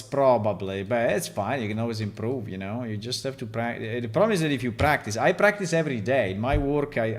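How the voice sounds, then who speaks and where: A man from Italy with an Italian accent, rambling and joking with his chat in a casual live stream while he works on a game. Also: medium pitch.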